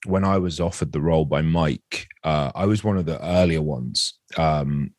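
A man's voice: very deep voice, a little mellow, no echo, clean studio sound. A man in his forties, an actor guest speaking candidly in an interview, often restarting his sentences. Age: 40s. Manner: candid, halting, with many restarts.

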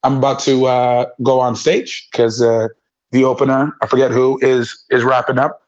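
A man's voice: medium pitch, moderate pace. A man, a guest comedian, telling stories in casual podcast chat and acting out what people said. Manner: animated storyteller, acts out quotes. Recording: slightly muffled audio.

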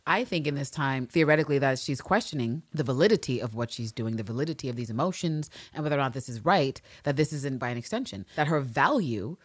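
A woman co-hosting a podcast, recapping a TV episode in casual, animated, profane chat. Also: very deep voice, quick pace, hardly any pauses, breathy edge, no echo. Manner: animated, profane, slips into acted voices. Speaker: podcast co-host.

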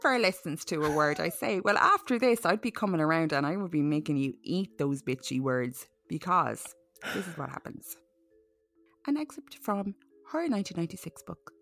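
A woman's voice: deep voice, normal speed, fairly bright tone, soft background music. A woman hosting a comedic mystery podcast, playful and teasing. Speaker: podcast host.

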